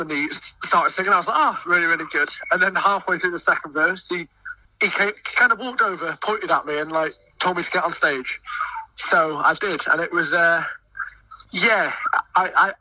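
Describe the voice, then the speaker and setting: A young man who sings in a choir and volunteers at a festival, talking excitedly in a radio interview and often stumbling over his words. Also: high-pitched, no echo, far from the mic, poor audio. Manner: eager, stumbling restarts. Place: busy outdoor festival field.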